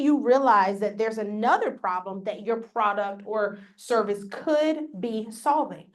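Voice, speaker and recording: A workshop presenter with a somewhat high voice speaks directly to a live audience in a conference room, upbeat and coaching with an encouraging push. She is on a mic, recorded for a hybrid audience.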